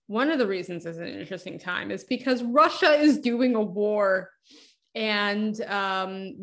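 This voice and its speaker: Wry, opinionated woman podcaster. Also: mid-range voice. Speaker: podcast co-host. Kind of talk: casual podcast discussion.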